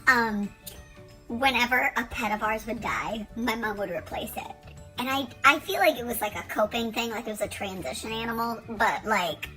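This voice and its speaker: A woman in her thirties talks straight to camera in a vlog, rambling from one joke to the next. Her voice is bright and fairly high, and she swears casually as she goes. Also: low-quality recording. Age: 30s. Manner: rambling, jokey, profane. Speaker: vlogger.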